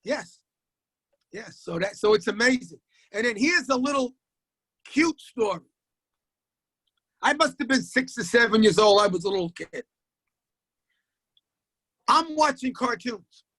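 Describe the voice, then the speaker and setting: A man, a high school basketball coach telling stories in a casual interview, animated and acting out voices. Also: no echo. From Queens, New York. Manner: animated storyteller who acts out voices and repeats himself.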